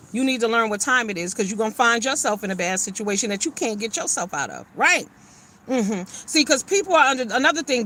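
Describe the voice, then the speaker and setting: A woman hosts a livestream, ranting bluntly and fired-up, swearing plenty and greeting viewers by name. Her voice is a little high, bright, and forceful.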